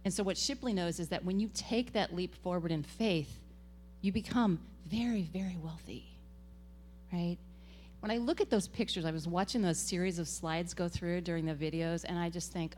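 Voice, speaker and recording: A woman giving a tribute speech at a gathering, telling animated stories and laughing often. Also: lowish voice, moderate pace, slight background noise. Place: event gathering.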